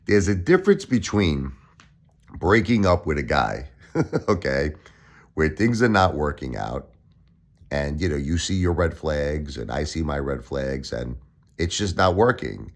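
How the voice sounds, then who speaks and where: Older Brooklyn-raised man with a very deep voice, aggrieved and repetitive vlog monologue to camera. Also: big pitch swings, a little slow. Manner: pleading and aggrieved, repeats phrases. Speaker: YouTuber.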